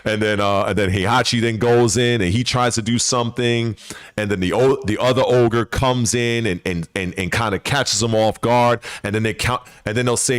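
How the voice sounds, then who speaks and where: A man's voice: lowish voice, steady tone, normal speed, a bit bright, clean tone, no echo, clean studio sound. A man hosting a gaming channel, rambling in casual speculative commentary with swearing and frequent restarts.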